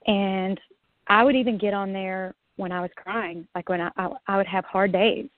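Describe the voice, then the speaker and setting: On a dry, phone-like line without room sound, a lively woman with a medium-pitched voice tells her story at a moderate pace as a guest in a casual interview. She often laughs and re-enacts what she said back then.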